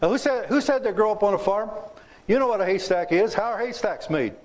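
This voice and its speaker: An older man with a high voice that swoops up and down a lot tells stories to a club meeting. He speaks in a folksy, joking way and keeps quizzing the crowd. He is a guest speaker from Kansas. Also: expressive, brisk, slight background noise. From south central Kansas, USA. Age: 70s. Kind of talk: storytelling talk to a club audience.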